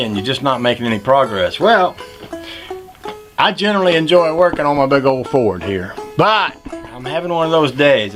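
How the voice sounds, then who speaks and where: A man's voice: medium pitch, a bit bright. A man chatting casually to the camera in a folksy, wry way while working on his car at home. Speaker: home car mechanic vlogger.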